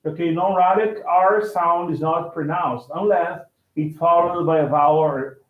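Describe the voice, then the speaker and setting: A man whose first language is Portuguese teaching English with a Brazilian accent, talking in a halting way, repeating himself and asking "right?". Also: a little high, steady tone. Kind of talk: casual classroom explanation. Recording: tinny, echoey phone-quality room sound.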